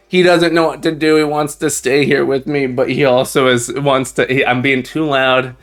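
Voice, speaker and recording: A man hosting a casual live stream, upbeat and chatty, greeting viewers warmly and repeating his phrases. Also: medium pitch, level tone, moderate pace, few pauses. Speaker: live-stream host and teacher. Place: room at home, indoors.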